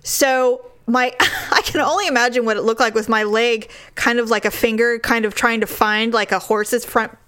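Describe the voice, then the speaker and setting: A woman's voice: normal speed, hardly any pauses, clean tone. A woman in her forties telling a funny story in casual chat, laughing often and acting out what people said. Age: 40s. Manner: animated, laughs often, acts out quoted lines in a high voice.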